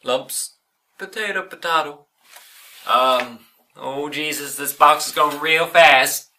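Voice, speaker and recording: Man, comedy outtakes, flustered, stumbling over lines, shaky put-on irish accent, bright voice, distant mic. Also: a little high, takes it slowly, a little hiss or hum. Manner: flustered, frequently stumbling, swearing and restarting lines. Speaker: amateur video maker. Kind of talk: comedy outtakes, goofing through a script.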